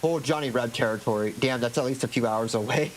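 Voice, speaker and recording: A young man from Florida chats on a live stream, rambling from topic to topic and joking with casual swearing. His voice sits at a middle pitch, and a faint hiss runs under the desk mic. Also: fast talker. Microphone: desk microphone.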